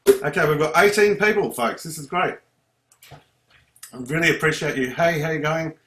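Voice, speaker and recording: A man's voice: a little high, moderate pace, a bit bright, slight background noise. A man teaching a live ukulele lesson on a video call, chatting, breaking off mid-sentence and counting strums aloud. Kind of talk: live online music lesson. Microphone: computer video call. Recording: echoey room on a video call.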